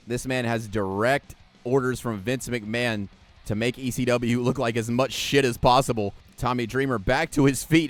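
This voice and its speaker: Guy calling wrestling play-by-play, mid pitch, crude and sarcastic, faint music behind. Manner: sarcastic, swears freely; jokey, laughs at what he describes. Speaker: gaming YouTuber commentating a wrestling game.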